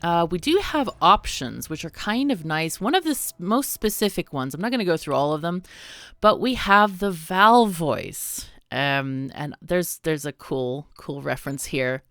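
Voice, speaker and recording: A woman's voice: low voice, animated, a little slow, fairly bright tone, no echo, clean studio sound. A woman hosting a let's play, giving chatty, bubbly commentary on a game and laughing often. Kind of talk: casual gameplay commentary.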